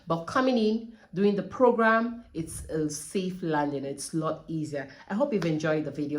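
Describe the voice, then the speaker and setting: With a fairly low voice, a woman training to be a teacher answers questions in a relaxed vlog, stressing and repeating the main points with sincere emphasis and the occasional laugh.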